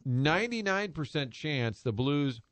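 Lively joking male radio host. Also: on the high side, measured pace. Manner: lively, joking, steers to ads. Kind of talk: casual sports talk radio. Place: radio studio.

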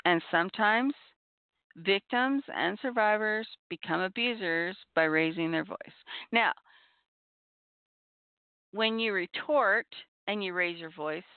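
A middle-aged woman hosting a talk show on abuse recovery, giving earnest, measured advice and repeating her key points. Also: medium pitch, smooth, dry recording. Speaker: podcast host on abuse recovery. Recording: tinny phone-like audio.

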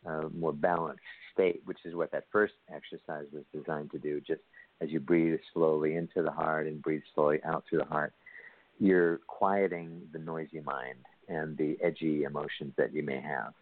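A man speaking as a guest in an interview, animated and thoughtful. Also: extremely low pitch, moderate pace. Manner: animated, acts out quoted dialogue. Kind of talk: conversational interview. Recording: phone-like line, dry.

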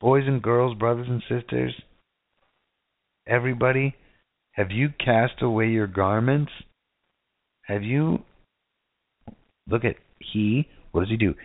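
A man gives a casual sermon, often pausing and speaking slowly in a mid-range voice while peppering listeners with rhetorical questions and "right?". The sound is dry and tinny, like a phone recording.

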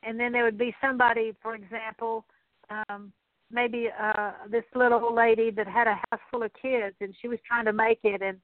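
A middle-aged woman leading a spoken prayer of repentance, slow and halting, with many fillers and repeated words. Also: fairly high pitch, no echo. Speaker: Christian teacher. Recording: tinny dry phone-like radio recording.

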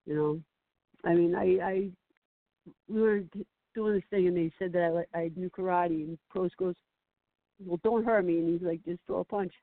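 Animated woman telling stories over a phone line. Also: fairly low pitch, moderate pace, no echo. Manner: animated storyteller, laughs often, acts out quotes. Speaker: guest. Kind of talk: casual phone-in chat. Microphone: phone call. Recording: tinny phone line, dry.

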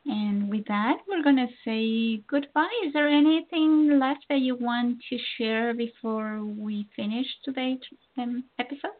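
A woman hosting a call-in show and closing it with brisk, friendly remarks. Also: a little high. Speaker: show host. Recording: tinny phone-line sound.

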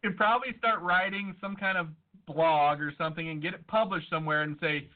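Brief: high-pitched male co-host, argumentative and jokey, swears freely, thin phone-line sound. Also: quick pace. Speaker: podcast co-host. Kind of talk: casual profane chat.

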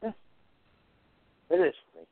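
Unhurried and alone at the mic, the atheist commentary show's host offers an earnest, reflective monologue, hesitating frequently and repeating short phrases. The recording is dry, echo-free, and tinny like a phone.

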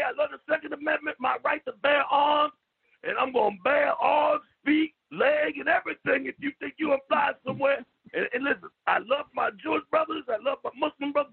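A man talking on a radio show, loud and profane, stammering and repeating himself, sometimes shouting. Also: very high-pitched, gravelly. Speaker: call-in guest. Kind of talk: loud rambling radio talk. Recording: lo-fi phone line.

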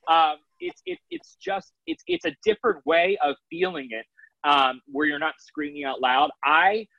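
A man's voice: on the high side, sing-song, normal speed, dry recording, dull audio. A man in his thirties, an author and coach, talking in a loose, rambling way with many restarts. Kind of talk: casual interview talk.

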